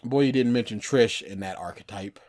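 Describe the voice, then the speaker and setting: A man's voice: fairly low pitch, brisk, darkish tone. A man co-hosting a podcast, talking in an emphatic, rambling way in casual chat. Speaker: podcast co-host.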